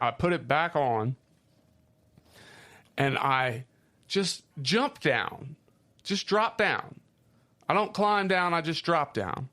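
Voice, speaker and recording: A man with a Midwestern accent, co-hosting a casual podcast chat and telling rough stories, swearing freely. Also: on the high side. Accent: Midwestern American. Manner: swearing storyteller, lively. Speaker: podcast co-host.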